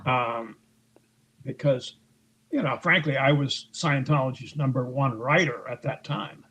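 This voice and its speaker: In an interview about his work as an author, a man tells a long story a little slowly in a mid-range, somewhat bright voice. Slight background noise marks the rough recording. He keeps things conversational, with plenty of fillers and restarts, and raises his voice to act out what others said.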